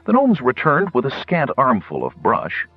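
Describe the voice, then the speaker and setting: A man reading an audiobook as narrator, telling the story in an expressive way. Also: medium pitch, moderate pace, husky, dry recording, lo-fi sound, soft background music.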